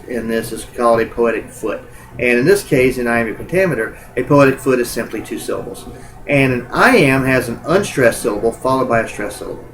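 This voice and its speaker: A man's voice: mid-range voice, slight background noise, low-quality recording. A man teaching in a recorded lecture, talking informally and using many filler sounds.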